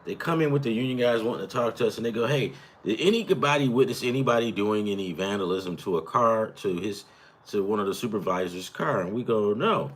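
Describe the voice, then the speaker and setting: Husky man telling a rambling story. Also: lowish voice, animated, fairly quick. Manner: rambling, swears, laughs at his own story. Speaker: podcast host. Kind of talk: casual storytelling and game commentary.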